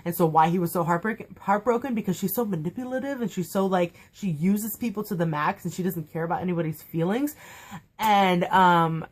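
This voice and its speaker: A woman's voice: lowish voice, brisk. A young woman chatting through a casual fan review of a TV episode, gushing and filling her talk with "like". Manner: gushing, chatty, heavy use of "like" fillers. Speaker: TV show reviewer.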